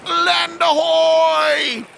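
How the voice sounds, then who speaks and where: A man doing an eager shouty little boy. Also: very high voice, wildly swooping pitch, measured pace, a little hiss or hum, voice pushed up, full character voice, low-quality recording.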